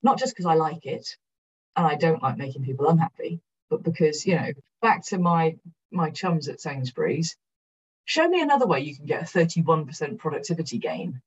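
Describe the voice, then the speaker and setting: A middle-aged Welsh woman speaks frankly to a conference audience, joking at her own expense and swearing freely. Her voice sounds breathy and husky, heard from some distance away. The recording is dull and muffled. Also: deep voice, moderate pace. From South Wales. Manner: frank and energetic, swears casually, self-deprecating. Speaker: keynote speaker. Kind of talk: candid conference talk. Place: conference room.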